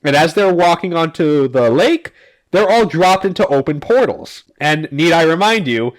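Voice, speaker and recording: Dude hosting a podcast, kinda high voice, lots of likes and ums, swears sometimes. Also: male voice, lively intonation, normal speed. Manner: rambling, filler-heavy, profane. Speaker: podcast host. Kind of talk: casual comic recap chat.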